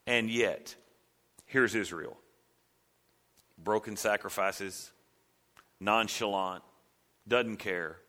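A man preaching a sermon, acting out cries and quotes with big swings between loud and hushed. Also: medium pitch. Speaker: pastor.

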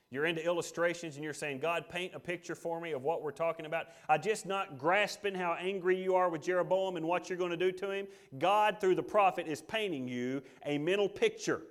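A man preaching a sermon, emphatic, swinging between loud declarations and hushed asides, and reading scripture aloud. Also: a little high. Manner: reads scripture aloud, voices God in quotes. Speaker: pastor.

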